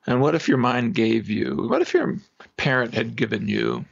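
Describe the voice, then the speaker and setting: A man, a psychologist guest on a podcast interview, explaining exercises in an animated way and demonstrating them aloud. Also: mid-range voice, normal speed, vocal fry, breathy edge. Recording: dull lo-fi remote audio.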